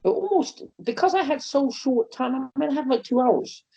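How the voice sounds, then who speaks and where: Animated man telling stories on a podcast. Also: very high voice, normal speed, gravelly. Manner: animated storyteller, acts out quotes in a raised voice. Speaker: wrestling promoter and guest. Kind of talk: casual interview storytelling. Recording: dull lo-fi podcast audio.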